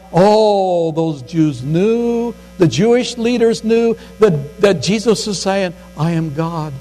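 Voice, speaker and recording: A man's voice: a little mellow, poor audio. An older man, a grandfather, preaching a sermon in a folksy way, acting out the scripture quotes. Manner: folksy, acts out quotes with rising pitch. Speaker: pastor.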